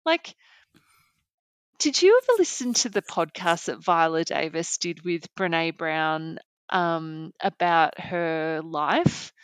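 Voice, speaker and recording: A woman's voice: low voice, expressive, slow, clean tone, no echo. An Australian woman co-hosting a podcast, chatting enthusiastically and thinking aloud as she talks. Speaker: podcast co-host. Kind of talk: casual chat.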